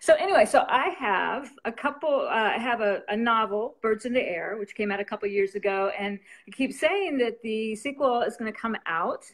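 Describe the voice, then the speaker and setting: A woman's voice: a little high, normal speed, hardly any pauses. A woman novelist chatting casually as an interview guest, rambling and laughing often.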